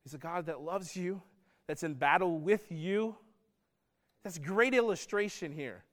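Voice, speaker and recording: A man delivers a sermon in a fairly high voice. He talks in a casual, earnest way and pushes harder on his key points. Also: measured pace, fairly bright tone. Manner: earnest, conversational preaching with rising emphasis. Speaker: pastor.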